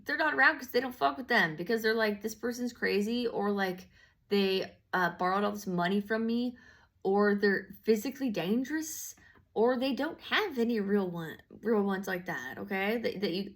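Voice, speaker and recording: A woman talks through a casual tarot reading in a gravelly voice. She rambles, restarts her sentences and swears freely, full of slang and fillers. Her pitch sits in an ordinary middle range. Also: moderate pace, fairly bright tone. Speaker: tarot reader.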